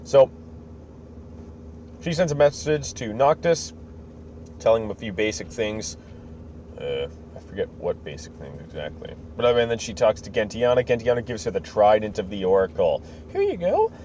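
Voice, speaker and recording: This podcast host has a fairly low, darkish voice, speaking at a moderate pace with long pauses amid slight background noise. He casually recaps a game's story, rambling, cracking jokes, using many fillers and acting out quotes.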